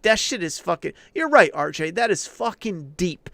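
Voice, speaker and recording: A man's voice: high-pitched, very animated, normal speed, creaky, sharp tone, no echo. A man hosting a livestream, ranting casually and emphatically to his chat with heavy swearing. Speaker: livestream host answering chat. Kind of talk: casual profane rant.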